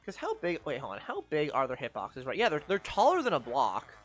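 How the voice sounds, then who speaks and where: A woman's voice: deep voice, huge pitch swings, a little fast, soft background music. A young woman streaming gameplay, ranting in exasperation, swearing and scolding the game's creatures as she plays. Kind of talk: live gameplay commentary.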